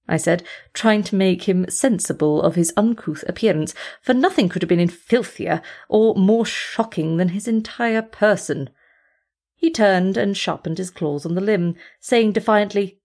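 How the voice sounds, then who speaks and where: A woman narrating a storybook in a measured, formal first-person reading. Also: on the low side, a little mellow. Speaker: audiobook reader.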